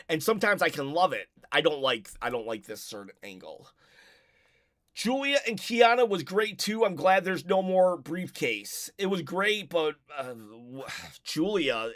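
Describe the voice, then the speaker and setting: A man's voice: a little high, fairly bright tone, no room sound, studio quality. A man hosting a casual live stream, rambling and reading viewer comments aloud, a bit out of breath.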